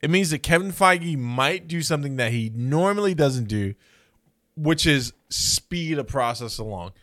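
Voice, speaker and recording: Animated, opinionated man talking films. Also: fairly high pitch, a little slow. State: hiccuping. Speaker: podcast co-host. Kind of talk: casual pop-culture chat.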